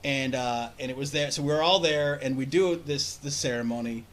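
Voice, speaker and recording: A man's voice: medium pitch, a little fast. A man on a casual podcast telling a long, rambling, profane story with many restarts. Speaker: podcast host.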